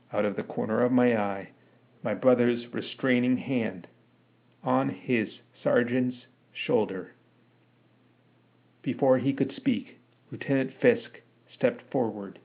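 A man reading his own novel aloud as a podcast narrator, in a measured, unhurried way. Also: medium pitch, breathy edge. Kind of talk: audiobook narration. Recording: tinny phone-like sound.

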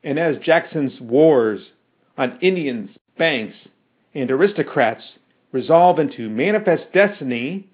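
A man voicing a lecturing metal professor who ticks mechanically between measured sentences. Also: fairly high pitch, expressive. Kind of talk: audiobook character reading. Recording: dull lo-fi recording.

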